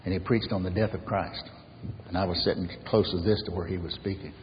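A man preaching an earnest sermon as pastor, swinging from raised emphasis to soft near-whispers. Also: sits low, steady tone, a little fast, big-room sound, dull audio, a little hiss or hum.

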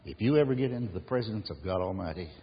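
A man preaching a sermon and telling stories, unhurried, letting his phrases drop to a hushed close. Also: deep voice, lively intonation, breathy edge. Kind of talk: sermon with storytelling. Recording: echoey hall, dull lo-fi sound, faint hiss.

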